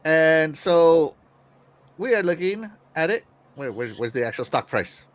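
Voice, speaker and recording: A high-voiced man hosting a gaming news podcast, animated and teasing as he reads viewer comments. His pitch swings widely, and the sound is close and dry. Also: measured pace, dry recording. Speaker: podcast host. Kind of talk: casual gaming news chat.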